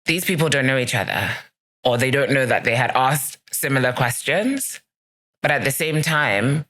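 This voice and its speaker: Bright-voiced woman giving earnest advice. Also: extremely low pitch. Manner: earnest, emphatic, repeats phrases for effect. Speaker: podcast host. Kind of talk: solo motivational podcast talk.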